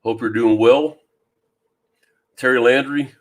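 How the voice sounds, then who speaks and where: A man from Louisiana hosting a fishing live stream, chatting casually and greeting viewers by name with a deep voice and plenty of ums. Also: steady tone, measured pace. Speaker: fishing channel host. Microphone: new microphone.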